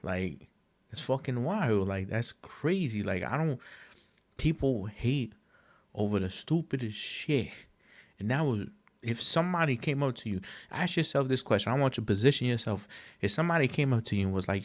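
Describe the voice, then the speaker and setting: A man's voice: lively intonation, moderate pace. Man ranting emphatically on a podcast. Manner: emphatic, slang-heavy, profane rant that jumps in pitch when exasperated. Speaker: podcast host. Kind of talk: casual solo monologue.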